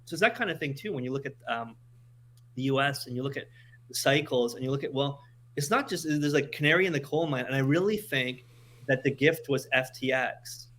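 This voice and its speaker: A man from Montreal, Canada chats casually on a podcast, telling animated stories full of restarts and repeated words. His voice is medium-pitched and a little fast, with slight background noise.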